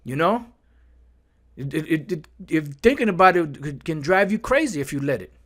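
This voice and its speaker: A man with a slightly high, animated, fairly bright voice speaks at a moderate pace, delivering angry scripture commentary. Fiery and profane, he swears hard and stumbles over repeated words as each point builds.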